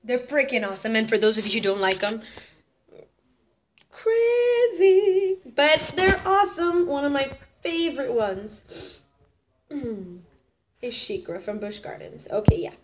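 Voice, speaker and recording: A woman's voice: mid-range voice, expressive, moderate pace. A nineteen-year-old woman chatting casually in a vlog, bubbly and rambling, often restarting her sentences. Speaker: vlogger.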